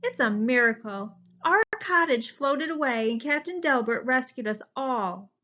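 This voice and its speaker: A woman's voice: high-pitched, animated, measured pace, bright, forceful tone, voice pushed up, exaggerated voice. A woman reading as a caring mother toad. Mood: relieved. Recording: slightly dull lo-fi recording.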